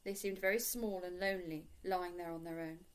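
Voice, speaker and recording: A woman teacher reading a bedtime storybook aloud in a clear, gentle storytelling manner. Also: lowish voice, fairly even intonation, brisk, rough recording.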